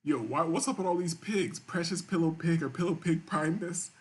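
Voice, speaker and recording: Excitable, rambling male live-stream host. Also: fairly high pitch, brisk. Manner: rambling, repetitive, crude and excitable. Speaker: live-stream show host reading viewer chats. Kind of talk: casual profane live-stream commentary.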